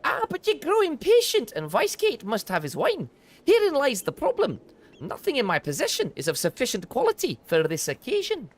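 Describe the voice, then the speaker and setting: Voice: sits high, huge pitch swings, moderate pace, pitched above the performer's own voice, exaggerated voice. A streamer voicing a small, blind, retired mercenary turned wine merchant, with a put-on Scottish accent and a raised, theatrical delivery. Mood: measured. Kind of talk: reading game dialogue aloud.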